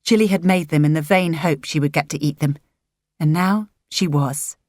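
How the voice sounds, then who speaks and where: A woman narrating a story in a gentle, measured way, recorded close to the mic. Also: sits low, dry recording. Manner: gentle, measured, does character voices. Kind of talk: audiobook narration.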